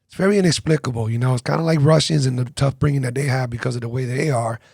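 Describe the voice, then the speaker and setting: A man's voice: medium pitch, fast, creaky, darkish tone, husky, no echo, studio quality. A man hosting a podcast, asking laid-back questions and riffing casually, swearing now and then. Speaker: podcast host. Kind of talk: casual interview talk.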